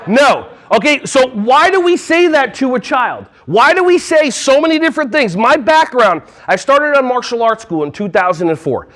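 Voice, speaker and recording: A man giving a lively, jokey talk at a conference hall on a wireless mic, often acting out little voices. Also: very high voice, normal speed, few pauses. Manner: playful, jokey, acts out voices. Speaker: conference speaker. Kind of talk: energetic live workshop talk.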